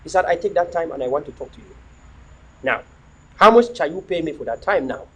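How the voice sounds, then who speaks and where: A man's voice: a little high, expressive, fairly quick, husky, poor audio. A middle-aged man hosting a livestream, delivering an impassioned, preachy monologue full of repetition and rhetorical questions. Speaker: livestream host.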